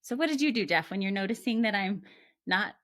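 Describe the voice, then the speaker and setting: A woman's voice: mid-range voice, fairly quick, no echo, clean studio sound. A middle-aged woman co-hosting a podcast, talking expressively and laughing often. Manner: expressive, laughs often, acts out voices in examples. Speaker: podcast co-host, therapist. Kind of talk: casual chat.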